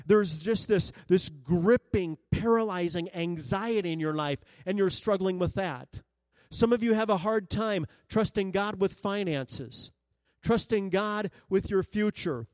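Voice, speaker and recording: Earnest high-voiced male preacher, dry sound. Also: measured pace, darkish tone, dry recording. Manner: earnest, pleading, acts out prayers in a raised voice; stammers and restarts often. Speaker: pastor. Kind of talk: sermon. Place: church sanctuary.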